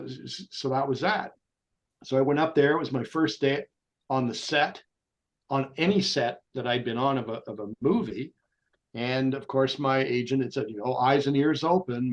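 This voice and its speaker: A man, a guest actor who tells animated anecdotes in an interview. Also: medium pitch. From Canada. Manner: animated raconteur, slips into voices when he quotes people.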